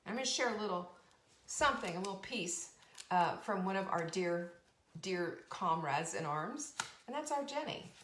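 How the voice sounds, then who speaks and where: A woman's voice: mid-range voice, animated, normal speed, a bit bright, roomy sound, a little hiss or hum. A woman hosting a motivational talk as a coach, speaking emphatically and earnestly with lots of repetition. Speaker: podcast host and coach.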